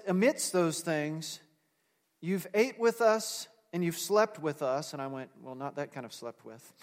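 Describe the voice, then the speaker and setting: High-voiced pastor in a reverberant hall. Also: male voice. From United States. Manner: earnest, conversational storytelling with fillers. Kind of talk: sermon. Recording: long reverb of a large hall.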